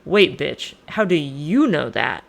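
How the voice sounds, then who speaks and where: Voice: mid-range voice, very animated, slow pace, creaky, full character voice. A storyteller voicing a crude, panicky young king who swears and talks in modern slang. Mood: agitated. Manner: slangy, profane, exasperated.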